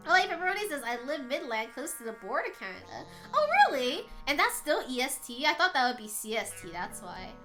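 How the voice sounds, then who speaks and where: A woman's voice: high-pitched, very animated, brisk, hardly any pauses, bright, forceful tone, soft background music. A young adult woman streaming, chatting casually with viewers, laughing often and swearing freely.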